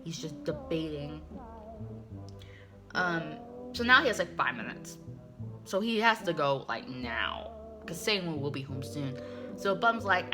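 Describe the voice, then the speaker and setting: A woman hosting a casual comic recap, talking in a chatty, animated way with many fillers. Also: deep voice, a little slow, long pauses, over music.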